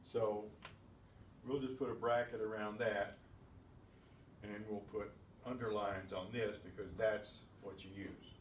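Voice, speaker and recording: A man teaching a beginners Spanish class, explaining patiently with slow, repeated examples. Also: lowish voice, level tone, a little hiss or hum. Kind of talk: classroom lesson. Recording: echoey room, distant mic.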